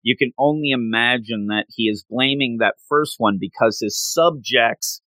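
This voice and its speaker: A man's voice: medium pitch, normal speed, pushed and bright, dry recording. A man in casual chat, animatedly retelling a story and jumping his voice up when quoting characters.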